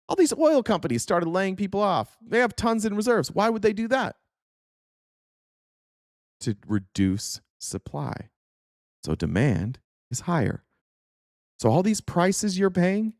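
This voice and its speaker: A man's voice: high voice, no room sound, studio quality. Heated, sarcastic male commentator. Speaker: host. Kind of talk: political commentary rant.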